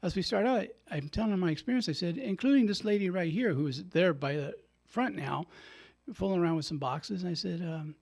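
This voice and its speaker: Older male radio host, fairly high voice, chatty storyteller who laughs a lot and acts out his own quotes. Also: fairly quick, gravelly, a little mellow. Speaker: radio show host and priest. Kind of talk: casual storytelling monologue. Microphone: studio microphone.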